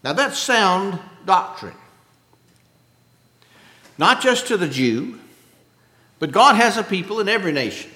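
A man preaching an expository sermon with a drawn-out, emphatic cadence, often clearing his throat. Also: high-pitched, very animated, bright, forceful tone. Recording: echoey hall with long reverb.

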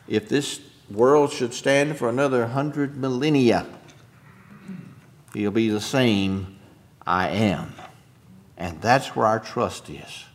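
A man preaching a sermon with a lively, swooping voice that dips low and quiet before rising up emphatic. He takes his time, speaking slowly and deliberately, with throat-clearing and chuckling asides to his congregation. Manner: emphatic preaching, dropping soft then rising loud. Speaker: pastor.

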